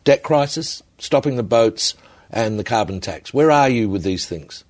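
An Australian man plays a stern, exasperated headmaster in a deadpan comedy sketch. He scolds and fires off brisk questions. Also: medium pitch, close to an everyday voice.

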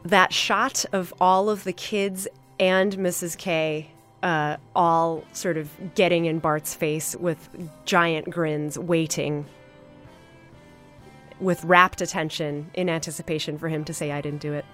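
A woman hosting a podcast, reviewing an episode in a casual, enthusiastic way with many fillers and pauses. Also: lowish voice, fairly even intonation, a bit bright, faint music behind. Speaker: podcast host.

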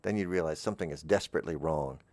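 A man's voice: a bass voice, rapid-fire, darkish tone, no echo. A man in a rambling comedic monologue, drifting through absurd, meandering trains of thought. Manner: talks over background music. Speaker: comedic character host.

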